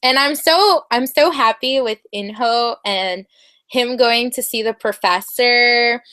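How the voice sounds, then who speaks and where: A high-voiced young woman talks slowly and casually about a drama she loves. She is bubbly and giggly and leans on "like" as she talks. Her voice sounds dry and close. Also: bright, forceful tone, clean tone, no room sound. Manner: bubbly and giggly, heavy use of "like". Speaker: drama reviewer. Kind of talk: casual chat.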